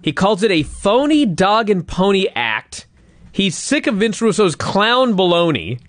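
A man co-hosting a casual wrestling recap podcast, excitable and profane, often laughing. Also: sits high, unhurried, dry recording. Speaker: podcast co-host.

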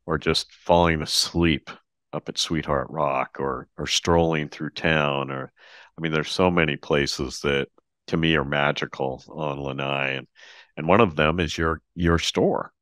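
A man hosting a podcast interview, friendly and halting, with many restarts. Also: extremely low pitch, fairly even intonation, a bit bright, no room sound, clean studio sound. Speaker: podcast host. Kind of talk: casual interview chat.

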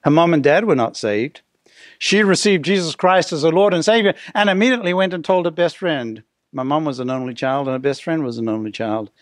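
An older man preaching a sermon as pastor, stretching out key words and dropping to a hush at the ends of phrases. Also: a little high, animated, brisk, no echo, clean studio sound.

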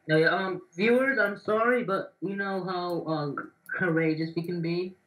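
A young gamer chatting casually and excitably while playing, with loud bursts and casual swearing. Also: medium pitch, moderate pace, a little hiss or hum, rough recording. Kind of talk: casual gaming chat.

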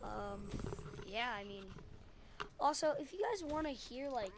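A woman's voice: fairly high pitch, lively intonation, a little slow, very noisy. A woman telling a story casually to camera, rambling and full of ums and self-corrections, on a headset mic. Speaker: video creator.

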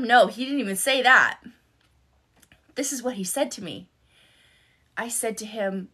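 Blunt, bright-voiced woman telling a story. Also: a little high, a little slow, pauses often, husky. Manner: blunt, profane, emphatic. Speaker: life coach and content creator. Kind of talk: casual live-stream storytelling. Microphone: phone.

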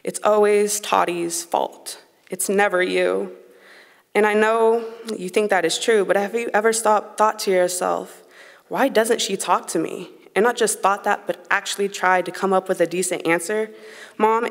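A woman's voice: mid-range voice, fairly even intonation, normal speed. A young woman in her late teens performing a spoken word poem on a concert hall stage, with an earnest, emotionally raw delivery. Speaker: high school slam poet. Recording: long reverb of a concert hall.

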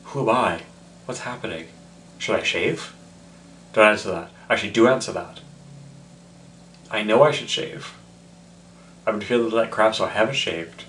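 A man's voice: lowish voice, moderate pace, pauses often, a bit bright, slight background noise. A tipsy man rambling in a casual, self-mocking vlog. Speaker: vlogger.

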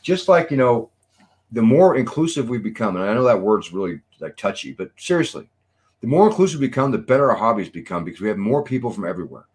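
A man's voice: lowish voice, very animated, quick pace, darkish tone. A man in casual podcast chat, earnest and musing, with lots of fillers. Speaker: podcast panelist.

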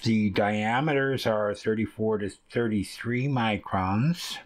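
A man's voice: lowish voice, takes it slowly. A man hosting a casual hands-on fiber arts tutorial, rambling along with plenty of ums and uhs as he reads and handles wool. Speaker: fiber arts channel host.

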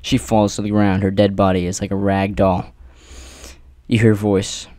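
A man narrating an adventure story in the second person, with theatrical pauses and rhetorical questions. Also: lowish voice, level tone, dark tone, dry recording. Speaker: narrator reading an AI-written adventure.

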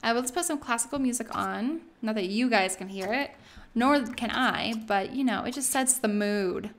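A young woman talks through her gameplay in a casual, chatty way, her voice sitting a touch high. She gets excitable, breaking into laughs and little squeals as she reacts to what happens on screen. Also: normal speed. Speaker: let's play host.

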